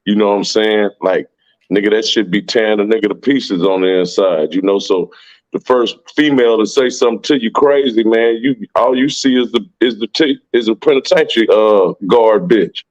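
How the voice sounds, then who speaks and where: Blunt low-voiced man on a dull recording. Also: moderate pace. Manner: blunt, profane, street slang, repeats "man". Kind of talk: casual conversation.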